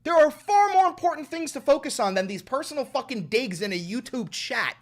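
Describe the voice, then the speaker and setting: Male streamer, profane and exasperated, pitch swings wildly while he lectures chat. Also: sing-song, brisk. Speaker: live streamer. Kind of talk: livestream rant at chat.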